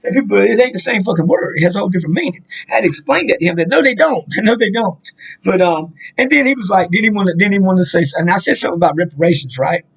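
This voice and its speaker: A man's voice: high-pitched, animated, fast talker, vocal fry, slightly rough. A man, telling a rambling, profane story in a casual monologue, full of fillers. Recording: dull lo-fi sound.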